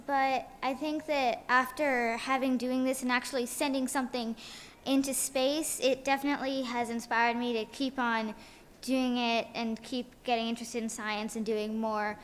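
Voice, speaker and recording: A woman's voice: high voice, steady tone, unhurried. A young woman from Texas, a student, giving a short and hesitant conference speech. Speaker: student speaker. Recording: long hall reverb, faint noise.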